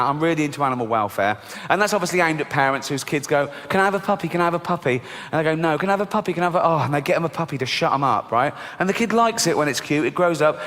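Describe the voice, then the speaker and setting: A middle-aged man performing a deadpan stand-up comedy routine on a theatre stage, swearing freely and putting on squeaky voices for children. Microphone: stage microphone. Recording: live show recording with long hall reverb and faint background noise. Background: live audience laughter.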